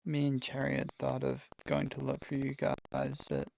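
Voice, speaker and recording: A man speaking quietly and hesitantly in a subdued way, chatting in game role-play. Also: medium pitch, sing-song, moderate pace, creaky, poor audio. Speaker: fellow player.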